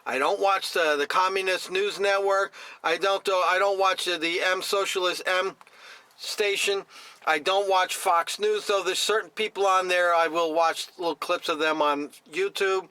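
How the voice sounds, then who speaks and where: A man's voice: high-pitched, steady tone, normal speed, sharp tone, clear, resonant tone, dry recording. A middle-aged man from New Jersey ranting straight to camera, blunt and scornful, with a lot of repetition. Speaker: vlogger.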